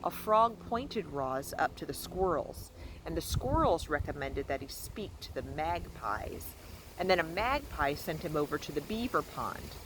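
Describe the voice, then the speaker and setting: A woman's voice: low voice, sing-song, unhurried, background noise. A woman reading a children's novel aloud outdoors in a backyard fort, recorded on a phone, with casual asides. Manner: casual asides between narration. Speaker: storybook reader.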